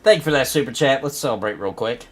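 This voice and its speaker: A man's voice: medium pitch, lively intonation, fast talker, music in the background. A man streaming a game live, chatting to his viewers and laughing often as he plays. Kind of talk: live gameplay commentary.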